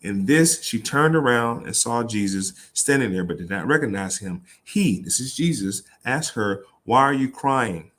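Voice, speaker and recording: A man's voice: fairly low pitch, animated, moderate pace, hardly any pauses, fairly bright tone. A man reading a Bible passage aloud and riffing on it in casual, irreverent talk, swearing and laughing. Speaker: host.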